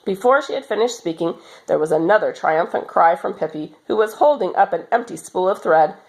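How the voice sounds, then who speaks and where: A woman reading a children's story aloud as storyteller, in an expressive, animated manner. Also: on the low side, brisk, rough recording.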